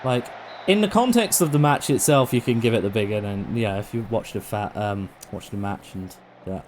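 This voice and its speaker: A man's voice: on the low side, expressive, normal speed, a little mellow, slight background noise. A man doing casual, sweary live-stream commentary on a football management game. He talks to the players on screen and goes off on rants.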